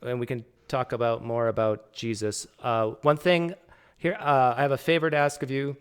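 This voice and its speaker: A man with a Canadian accent, hosting a casual live-stream chat and wrapping it up in a relaxed, friendly way. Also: medium pitch, normal speed, clean tone. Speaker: host.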